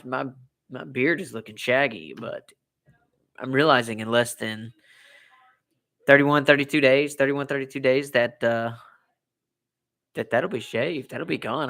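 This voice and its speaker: An American man chats casually on a home live stream, wandering from topic to topic and repeating himself. His voice is bright and forward, and he sits close to a desk microphone. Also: mid-range voice. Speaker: livestream host.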